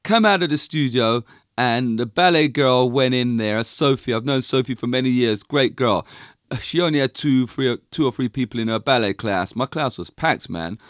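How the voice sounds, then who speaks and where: A man's voice: mid-range voice, no room sound, studio quality. A middle-aged man from London with a London accent, talking in a casual, rambling, opinionated monologue that drifts off topic. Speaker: music and dance teacher.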